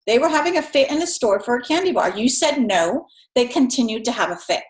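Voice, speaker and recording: A woman's voice: on the high side, expressive. Chatty woman lecturing in an echoey room. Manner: conversational, acts out parents and children in quick voices. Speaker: instructor. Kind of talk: recorded lecture.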